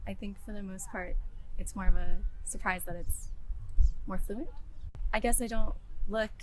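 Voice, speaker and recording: A woman giving a measured, reflective interview answer. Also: mid-range voice, steady tone, noisy background.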